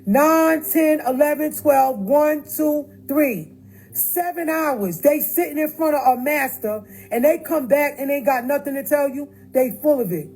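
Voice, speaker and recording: On a phone livestream, a woman speaks directly to her viewers in casual talk, emphatic and repeating phrases to drive her points home. Her voice sits high and a little mellow, at a measured pace, and the audio is poor.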